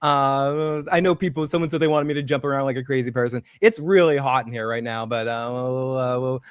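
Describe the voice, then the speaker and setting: A man hosting a live show from a warm room at home, joking and animated, with a close mic. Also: mid-range voice, fast talker, no echo. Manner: joking, animated, quotes characters in put-on voices. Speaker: host. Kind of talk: casual live show chat.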